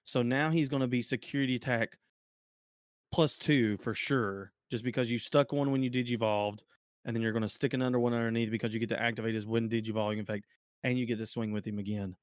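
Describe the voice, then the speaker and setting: A man co-hosting a casual card game podcast, talking excitedly and laughing often, with sudden jumps up in pitch. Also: fast, dry recording, clean studio sound.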